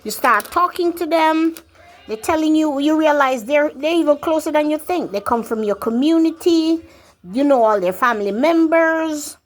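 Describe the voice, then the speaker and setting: A woman's voice: high voice, moderate pace. A woman telling a personal story in a rambling, casual way, acting out what people said along the way. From grew up outside the country she now lives in. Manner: rambling, quotes herself and others in lively acted-out voices.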